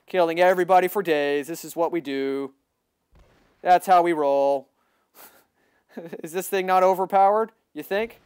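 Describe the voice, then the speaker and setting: A man giving excitable live gameplay commentary, boasting, repeating himself and bursting into loud yelling. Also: high voice, normal speed, pauses often, clear, resonant tone, dry recording, studio quality. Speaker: gaming livestreamer.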